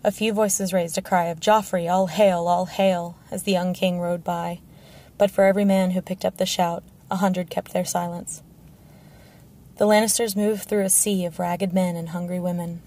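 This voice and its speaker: A woman's voice: fairly low pitch, gravelly, mellow. A woman narrating a fantasy novel as an audiobook, telling the story steadily and evenly. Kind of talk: scripted narration.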